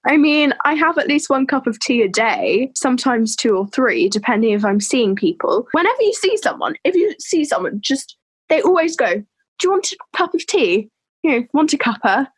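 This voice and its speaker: A teenage girl from England chats away on a podcast with lively, animated energy. Her voice sits a little high and sounds dry and close to the mic, with no room around it. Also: moderate pace, husky, no echo. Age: teens. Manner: chatty and animated. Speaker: podcast co-host. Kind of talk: casual chat.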